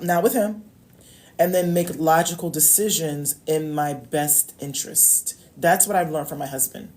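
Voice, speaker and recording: Chatty woman coach with a low voice. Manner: warm, chatty, often checks in with "okay?"; repeats key phrases for emphasis. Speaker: love coach. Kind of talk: casual direct-to-camera advice talk.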